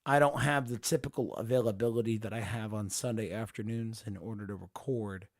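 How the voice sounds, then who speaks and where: A man hosting a casual late-night podcast, swearing a lot and swinging from low mumbles into shouted rants. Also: steady tone, a little fast. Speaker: podcast host.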